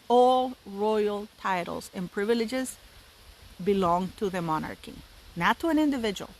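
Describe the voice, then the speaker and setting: A woman's voice: mid-range voice, low-quality recording. A woman in her fifties hosting a solo commentary channel, talking in an emphatic, indignant way and repeating words for stress. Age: 50s.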